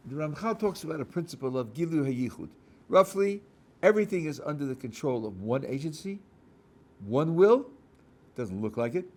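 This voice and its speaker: A man's voice: on the high side, moderate pace. A rabbi lectures with a voice that rises and falls constantly, giving his example stories real drama. He acts out little scenes as he teaches and often stops to rephrase himself, like a man thinking aloud in front of his class. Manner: animated storyteller, acting out scenes, with frequent restarts. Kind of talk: Torah lecture with acted-out examples.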